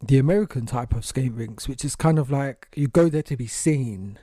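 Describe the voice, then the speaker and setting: A man's voice: mid-range voice, moderate pace, mellow, dry recording, studio quality. A man co-hosting a podcast, chatting animatedly, swearing freely and putting on voices of other people. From England. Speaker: podcast co-host. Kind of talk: casual chat. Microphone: podcast studio mic.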